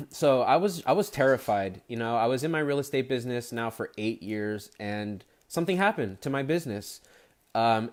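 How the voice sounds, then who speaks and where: A man in his thirties speaks to camera in a personal monologue. He is candid and emotional, looping back with fillers and restarts, and his pitch sits in an ordinary middle range. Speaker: ecommerce channel host.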